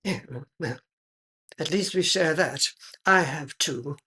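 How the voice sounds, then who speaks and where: A dry, clipped old English grande dame's spirit, tartly unimpressed by her interviewer. Her voice sits a little low and speaks in a plain, even way with an English accent. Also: slow pace, slight background noise, heavily acted. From England. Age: older.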